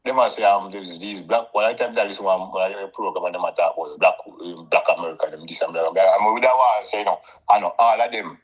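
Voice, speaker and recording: Jamaican male guest, rapid rambling patois-heavy talk, low voice, muffled lo-fi audio. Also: steady tone, husky. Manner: rambling, lots of fillers like "yeah, man". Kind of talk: casual chat. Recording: dull lo-fi call audio.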